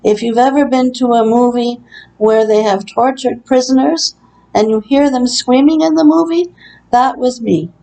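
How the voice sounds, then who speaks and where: Brief: bedbound woman recording a testimony in her care-home room, mellow tone, earnest and aggrieved, halting delivery. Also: fairly high pitch, gravelly, poor audio. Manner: earnest, aggrieved, hesitant with frequent uh. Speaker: long-term care resident. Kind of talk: personal testimony vlog.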